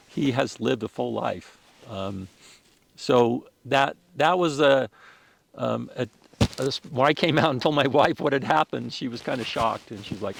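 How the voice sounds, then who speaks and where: Gravelly-voiced man telling a personal story. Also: mid-range voice. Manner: earnest, emotional, with frequent restarts. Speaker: podcast guest.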